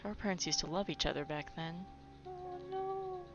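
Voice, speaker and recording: This let's play gamer has a medium-pitched voice with huge pitch swings and speaks at a moderate pace. She reads game text out loud and breaks off into chatty, playful remarks, heard in a dull recording with game music.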